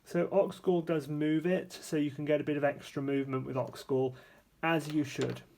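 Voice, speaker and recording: Gravelly man explaining while he paints. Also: on the high side, moderate pace, slight background noise. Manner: relaxed, chatty, thinks aloud and corrects himself mid-sentence. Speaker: art supplies reviewer demonstrating paints. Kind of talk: casual hands-on painting tutorial. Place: at a painting table.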